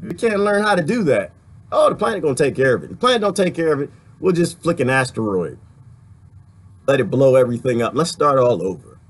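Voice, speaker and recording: A man's voice: mid-range voice, very animated, a little fast, slightly rough. A man from the Washington, D.C. area, ranting sarcastically in a livestream while reading viewer comments, laughing often between points.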